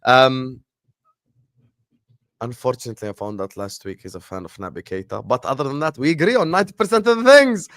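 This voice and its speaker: Man, live-stream host, casual football talk, hyped shout-outs, dry close sound. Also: mid-range voice, expressive, a little fast, pauses often, dry recording.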